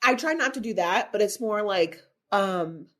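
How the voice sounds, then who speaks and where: A woman in her thirties speaks on a podcast in a candid, halting way, her voice catching as she fights back tears. Her pitch sits in an ordinary middle range. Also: expressive, fairly bright tone. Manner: tearful, halting, open about feelings. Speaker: podcast co-host. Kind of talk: candid emotional podcast chat.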